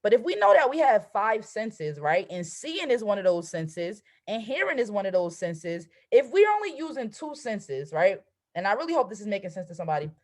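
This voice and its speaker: A woman's voice: medium pitch, very animated, normal speed, a little mellow. A woman in her twenties, a trading coach hosting a motivational live stream over a video call, talking emphatically and asking "right?" at every turn. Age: 20s.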